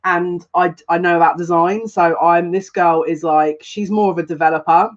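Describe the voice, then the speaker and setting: A woman's voice: lowish voice, steady tone, normal speed, highs cut off. A woman psychic reader chatting on a live stream, rambling casually and greeting viewers one by one by name. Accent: noticeable accent, complimented by viewers.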